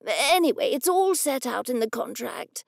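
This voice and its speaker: A woman voicing an older male gallery owner who gushes with slow, drawn-out enthusiasm, in an audiobook. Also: high voice, very animated, creaky, dry recording, clean studio sound, heavily acted. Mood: gushing.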